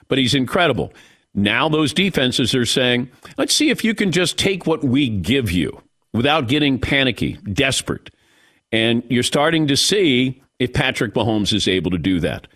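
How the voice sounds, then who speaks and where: A man's voice: medium pitch, fairly bright tone. A man hosting a sports talk radio show, firing off opinionated takes and rhetorical questions.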